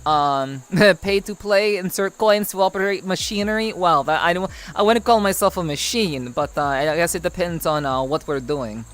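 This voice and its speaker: A woman's voice: fairly low pitch, normal speed, few pauses. A woman streamer chatting casually with her viewers in a put-on Russian accent, teasing and playfully stern, rambling and laughing often. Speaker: VTuber streamer. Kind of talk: casual livestream chat with viewers.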